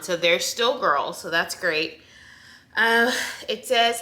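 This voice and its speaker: A young woman talks casually straight to her camera, filling pauses with ums and restarting sentences as she goes. Her voice is bright and forward, with a slightly breathless edge. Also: on the low side. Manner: chatty, with frequent ums and restarts. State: a little out of breath. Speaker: vlogger sharing pregnancy updates.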